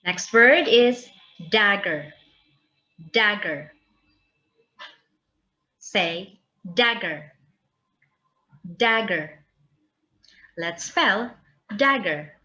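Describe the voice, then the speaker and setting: Woman, teacher, children's vocabulary lesson, very slow, lively pitch, spells words aloud. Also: muffled recording.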